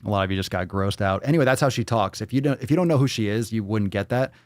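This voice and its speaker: A man's voice: on the low side, quick pace, no echo, studio quality. A man hosting a fitness show, reacting bluntly and crudely to a clip in profane live-stream commentary.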